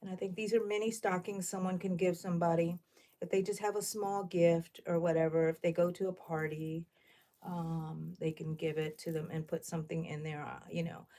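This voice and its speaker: A middle-aged woman, chatting loudly and thinking out loud while she crochets on a livestream, asking her viewers questions. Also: on the low side, level tone, moderate pace. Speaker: livestream host. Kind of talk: casual crochet livestream chat.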